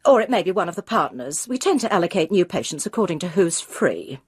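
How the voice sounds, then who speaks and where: A woman's voice: fairly low pitch, very animated, fairly quick, husky. A woman doing a cagey dental receptionist. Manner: cagey, guarded.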